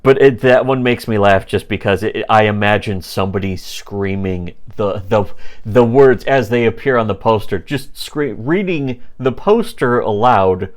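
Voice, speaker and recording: A man's voice: fairly low pitch, lively intonation. A man co-hosting a casual comedy podcast about webcomics, rambling with many fillers and briefly mimicking the characters he describes. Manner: rambling, many fillers, acts out comic characters in quick put-on voices. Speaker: podcast co-host.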